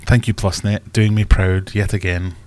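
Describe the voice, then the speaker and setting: Deep-voiced Scottish man rambling on a live stream. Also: darkish tone, a little hiss or hum. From Scotland. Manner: rambling and self-mocking, thinks aloud. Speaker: aquarium channel host. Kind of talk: casual live-stream chat.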